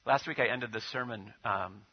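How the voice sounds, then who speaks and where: A man's voice: lowish voice, normal speed, husky, muffled recording. A man preaching a sermon as pastor, telling stories, then leading prayer and liturgy. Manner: storytelling with acted quotes, leading prayer and liturgy.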